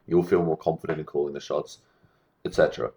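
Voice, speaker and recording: A man's voice: extremely low pitch, flat delivery, quick pace, warm tone, muffled recording. A young man giving casual social-skills advice straight to camera, rambling with lots of fillers and restarts. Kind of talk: casual talking-head advice monologue.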